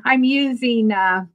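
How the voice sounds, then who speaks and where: A middle-aged woman from the American Midwest talks through her art stream in a high voice. She rambles slowly and easily while she works. She laughs often between thoughts. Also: lo-fi sound. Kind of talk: casual crafting livestream chat.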